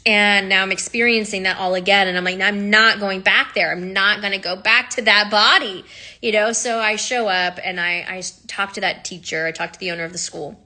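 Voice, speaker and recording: A woman's voice: medium pitch, steady tone, a little fast, sharp tone. A woman who teaches sound healing, talking candidly and with feeling, with frequent laughs and the odd swear word. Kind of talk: casual storytelling monologue.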